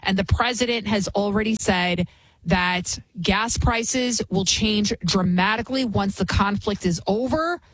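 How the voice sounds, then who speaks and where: Heated female host, husky tone, dry recording, driving monologue. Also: mid-range voice, unhurried, dry recording. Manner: emphatic, heated, repetitive with many restarts. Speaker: commentary show host. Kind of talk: opinion monologue.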